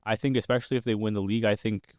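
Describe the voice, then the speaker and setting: A man's voice: fairly low pitch, steady tone, racing, clean tone, dry recording, clean studio sound. A young man hosting a casual football podcast, upbeat and steering the talk with questions. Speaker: podcast host. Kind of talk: casual sports chat.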